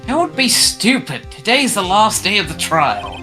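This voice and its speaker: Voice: mid-range voice, wildly swooping pitch, unhurried, music in the background. A player voicing a cold, proud male prosecutor who speaks curtly in a group game read-through. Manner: curt, dismissive.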